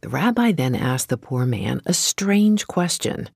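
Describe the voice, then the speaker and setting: A storyteller narrates a folktale in a steady, gentle storybook manner. The voice is gravelly and husky, at a middle pitch. The sound is dry and close to the mic. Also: a little slow, hardly any pauses, dry recording.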